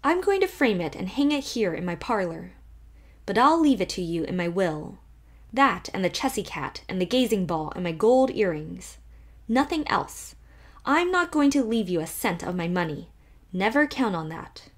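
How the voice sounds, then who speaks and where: A woman's voice: medium pitch, big pitch swings, normal speed. Old great-aunt, cool, blunt, teasing, read by a woman, audiobook. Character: sharp-tongued old rich great-aunt, coolly teasing.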